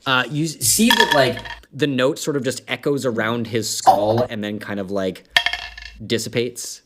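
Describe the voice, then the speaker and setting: A man's voice: medium pitch, moderate pace, very noisy. A man in the dungeon master role, narrating a tabletop game loosely, with many fillers and laughs.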